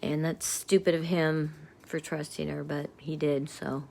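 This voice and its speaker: A woman's voice: sits low, flat delivery, measured pace, gravelly, a little mellow, slight background noise. A middle-aged woman venting angrily to her viewers in a rambling rant, often dropping to a muttered whisper. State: angry. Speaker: vlogger. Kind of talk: angry personal rant to viewers.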